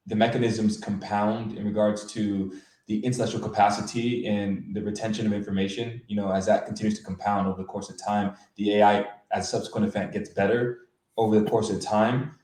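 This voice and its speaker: A man's voice: fairly low pitch, dark tone. A man hosting a podcast, asking long, winding questions that circle back on themselves. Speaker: podcast host. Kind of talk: interview questions. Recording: roomy sound from far off the mic.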